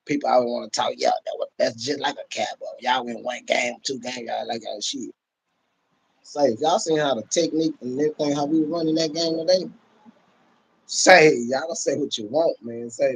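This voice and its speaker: A man with a Texas accent hosting his live stream, boasting and trash-talking in a loud, laughing rant. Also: mid-range voice, breathy edge, poor audio. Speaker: channel host.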